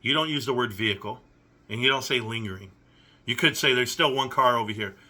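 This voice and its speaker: A young adult man hosts a reaction commentary, reading messages aloud and picking them apart with sarcastic, incredulous questions. His mid-range voice is pushed and bright, and he speaks fairly quickly.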